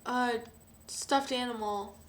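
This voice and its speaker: A young woman talking hesitantly and emotionally to camera, with frequent sighs and pauses. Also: a little high, steady tone, slight background noise. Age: young adult. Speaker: vlogger. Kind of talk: personal confessional vlog.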